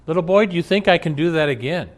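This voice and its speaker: A man's voice: on the high side, lively intonation, quick pace, voice pushed up, natural voice. A man preaching briefly voices a confident tightrope walker challenging a boy.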